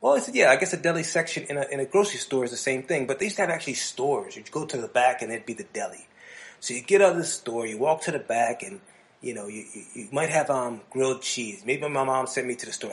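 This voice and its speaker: Brief: male podcast co-host from New Jersey, mid-pitched, loose rambling storyteller who acts out little voices. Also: expressive, fast talker, fairly bright tone. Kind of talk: casual chat.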